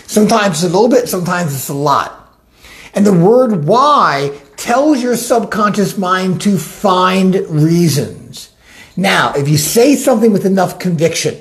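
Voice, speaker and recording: A life coach giving a motivational talk, animated and acting out the inner voices of listeners. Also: mid-range voice, unhurried.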